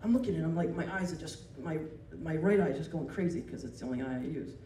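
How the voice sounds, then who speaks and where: A man doing live stand-up, telling a story in a rambling, animated way. He often laughs as he talks and breaks off into asides and restarts. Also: on the high side, fast, recorded from a distance. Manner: self-interrupting with restarts and asides. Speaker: stand-up comedian. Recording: roomy venue taped from afar. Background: audience laughter and room noise.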